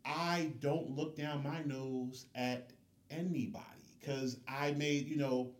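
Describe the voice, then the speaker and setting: A man's voice: mid-range voice, slow pace. Man telling a story in an echoey room. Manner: lively storyteller who acts out the voices of people he quotes. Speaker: podcast guest. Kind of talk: storytelling in casual conversation.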